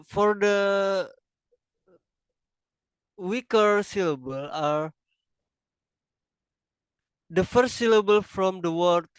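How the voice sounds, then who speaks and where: Slow halting man giving a class presentation. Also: on the high side, clear, resonant tone, dry recording, low-quality recording. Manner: halting, self-correcting, non-native phrasing. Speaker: student presenter.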